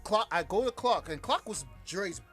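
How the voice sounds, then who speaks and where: A man chatting as a podcast guest, telling stories in an animated way and laughing as his voice jumps up when excited. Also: high-pitched, moderate pace, faint music behind. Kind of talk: animated storytelling chat.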